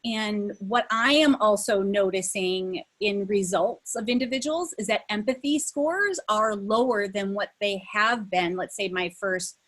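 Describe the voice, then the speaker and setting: Husky-voiced woman leading a webinar. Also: medium pitch, measured pace, hardly any pauses, a bit bright. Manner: conversational, many fillers, emphatic. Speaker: leadership coach. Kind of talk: webinar presentation. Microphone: video call.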